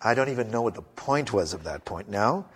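A man in his fifties preaching a sermon as an animated storyteller, wandering into tangents and joking at his own expense. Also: on the low side, brisk, slight background noise. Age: 50s. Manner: animated storyteller, rambling, self-mocking humor.

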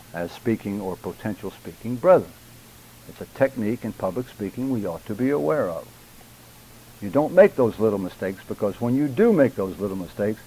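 An older man teaching a church public speaking class, deliberate and emphatic, addressing his students directly. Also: lowish voice, warm tone, poor audio.

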